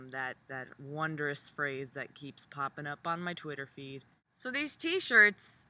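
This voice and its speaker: A young woman vlogger delivering a profane, sarcastic comedic rant, jumping high for mocking asides. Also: sharp tone, no room sound. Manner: sarcastic, profane, jumpy pitch for mock quotes.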